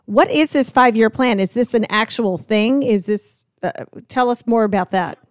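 Female interview host, attentive and casual, slightly high voice, dry close recording. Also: moderate pace, no echo. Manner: attentive, many backchannels and fillers.

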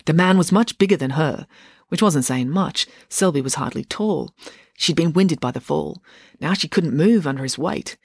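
Author reading aloud, expressive, husky, dry home office. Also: medium pitch, normal speed, no room sound. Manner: expressive reading, chatty sign-off. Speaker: author reading own book. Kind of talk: audiobook-style reading. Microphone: home setup.

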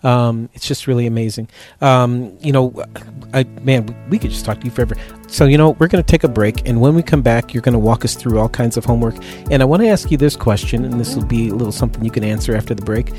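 A man's voice: medium pitch, darkish tone. Rambling man hosting a health talk show. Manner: rambling, many "you know" fillers.

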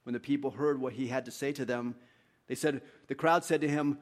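A man preaching a sermon as a pastor, animated and dramatic, swinging between loud outbursts and quiet, low-key asides. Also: a little fast. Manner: animated, acts out quotes with big swings in loudness.

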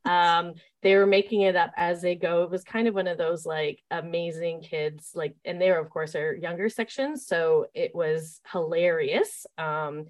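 A woman with a slightly low voice tells her story in an easygoing interview. She is chatty and often starts over with fillers like "um" and "like." She speaks as a camp staff leader looking back on her work. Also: fairly even intonation, normal speed, few pauses. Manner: chatty, with many fillers and restarts.

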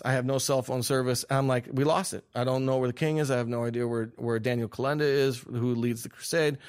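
A young man, a filmmaker guest, telling an animated story with laughs and quick restarts. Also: mid-range voice. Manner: excitable, laughing, restarts mid-sentence.

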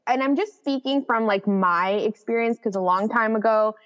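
A woman's voice: fairly high pitch, moderate pace, fairly bright tone, clear, resonant tone. A woman dog trainer in casual podcast chat, explaining her views at length with fillers. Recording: dull, reverberant recording.

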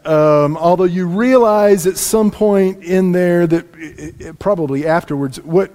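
Pastor guy preaching, animated, drops to quiet asides, highish voice, big echoey sanctuary. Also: unhurried, few pauses. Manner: animated, swings from loud to hushed asides. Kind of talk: storytelling sermon. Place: church sanctuary. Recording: long reverb in a large room.

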